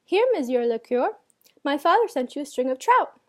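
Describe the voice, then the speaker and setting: A woman's voice: sits high, big pitch swings, normal speed. Woman doing a patient village priest. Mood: gentle. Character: patient wise village priest, middle-aged man.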